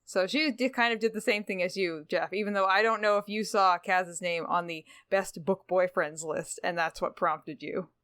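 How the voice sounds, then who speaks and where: A woman's voice: on the low side, steady tone, moderate pace, few pauses, a bit bright, clean tone, dry recording, clean studio sound. A woman co-hosting a casual podcast, playful and teasing as she reads out listener mail. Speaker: podcast co-host.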